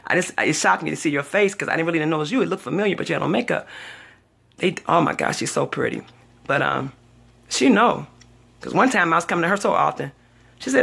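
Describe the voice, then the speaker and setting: Gravelly-voiced woman telling a dramatic story. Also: sits low, expressive, fast talker, fairly bright tone. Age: older. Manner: dramatic, chatty, acts out voices in her stories. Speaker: vlogger. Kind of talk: casual storytelling vlog.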